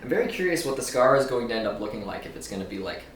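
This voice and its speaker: A man's voice: mid-range voice, lively intonation, very fast, far from the mic, slight background noise. A man vlogging in casual chat, rambling loosely, swearing and laughing often. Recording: roomy echo, a bit off-mic, faint ambience.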